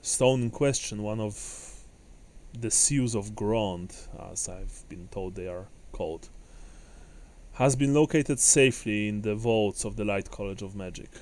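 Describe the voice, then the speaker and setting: A man voicing a solemn male city official who speaks in a measured, formal and grave way. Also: fairly low pitch, a little mellow, close to an everyday voice.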